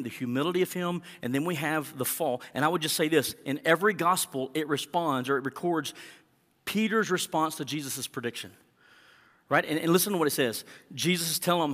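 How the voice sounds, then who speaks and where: A male pastor preaching a sermon, animated, acting out the quotes as he tells the story. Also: on the high side. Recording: long hall reverb.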